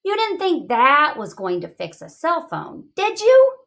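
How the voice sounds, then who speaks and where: A fairly high-voiced woman leads a reading lesson for young children. She thinks aloud about the text and reacts with big, expressive surprise. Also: unhurried, creaky. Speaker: teacher.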